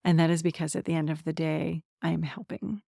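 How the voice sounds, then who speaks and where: A woman in her forties from central Pennsylvania talks candidly on her solo podcast, laughing often. Her voice sits low and carries a gravelly vocal fry. It is recorded close up in a dry room. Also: level tone, fairly quick, mellow, no echo. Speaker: podcast host, somatic transformation coach. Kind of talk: personal solo podcast talk.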